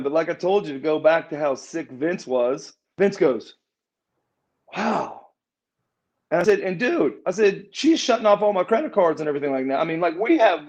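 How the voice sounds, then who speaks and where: The voice is high-pitched yet darkish in tone, belonging to a middle-aged former pro wrestler telling a meandering story during a casual shoot interview. He stumbles over repeated words, restarts them, and acts out quoted dialogue, with muffled lo-fi sound.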